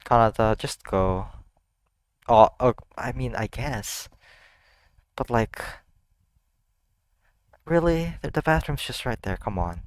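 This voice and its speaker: A man's voice: mid-range voice, lively intonation, slow pace, long pauses, dry recording. A man hosting an anime reaction, talking casually to the screen and blurting out startled exclamations and swearing.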